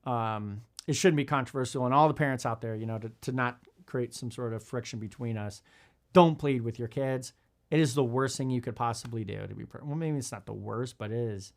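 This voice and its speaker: A man's voice: fairly quick, gravelly. A man hosting a podcast, talking bluntly in casual commentary while reading from a parenting book. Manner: animated, blunt, swears, acts out kids in high voices. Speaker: podcast host.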